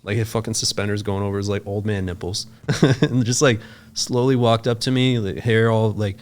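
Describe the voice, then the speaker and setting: Low-voiced man telling a story. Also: fairly even intonation, normal speed. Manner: loose and profane, full of "like" fillers. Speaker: podcast guest. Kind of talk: casual storytelling.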